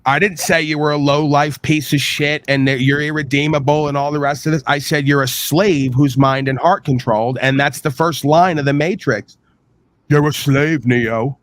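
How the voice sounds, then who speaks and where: A man's voice: steady tone, moderate pace, hardly any pauses. A man hosting a livestream, lecturing a caller in a heated, scornful argument, stacking up long strings of insults. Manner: mocking quoted voices in a high sing-song. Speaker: streamer host.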